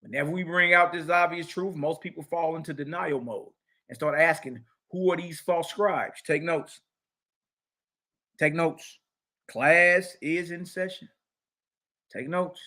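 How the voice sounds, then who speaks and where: A man's voice: a little high, unhurried, pushed and bright. A middle-aged man giving a fiery scripture lesson as a religious teacher, preachy and mocking, confrontational toward his critics.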